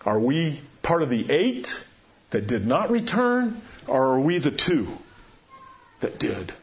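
Animated male pastor preaching. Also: medium pitch, slow pace, muffled recording. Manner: animated, rising to excited questions and dropping to quiet appeals. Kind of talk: sermon.

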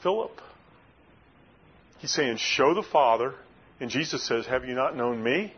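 A man preaching a sermon as pastor, emphatic, swinging between raised and hushed delivery. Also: mid-range voice, normal speed, breathy edge, muffled recording.

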